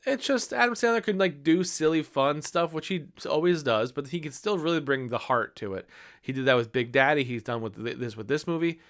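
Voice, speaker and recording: A man's voice: a little high, lively intonation, a little fast, fairly bright tone. A man in his thirties giving a casual, enthusiastic movie review, rambling with many fillers. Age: 30s.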